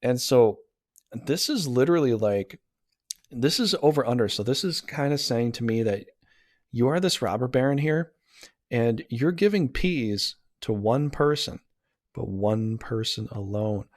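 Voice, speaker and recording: A man's voice: mid-range voice, lively intonation, measured pace, no echo, studio quality. Flustered, rambling man reading tarot. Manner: rambling, easily flustered, self-deprecating. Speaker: tarot reader. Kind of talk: casual tarot reading video.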